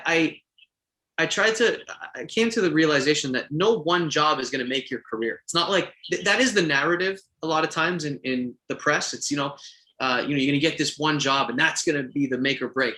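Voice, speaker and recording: A man from Quebec chats through an interview, giving earnest, encouraging advice. His voice sits a little high and sounds bright and forceful. He restarts his sentences often as he thinks aloud. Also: moderate pace. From Quebec, Canada. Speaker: voice actor guest. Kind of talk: casual interview chat.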